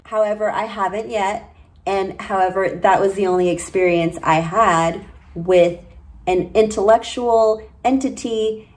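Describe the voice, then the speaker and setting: A woman's voice: mid-range voice, darkish tone, low-quality recording. A young woman telling a personal story to camera as a spiritual vlogger, earnest and confiding, acting out bits of dialogue.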